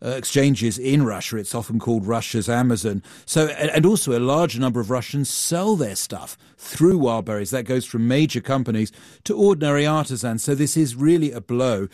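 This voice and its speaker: A man's voice: mid-range voice, animated, normal speed, darkish tone, no room sound. A man reporting as a global affairs correspondent in a radio newsroom studio, explaining steadily with some fillers. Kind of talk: news analysis in studio.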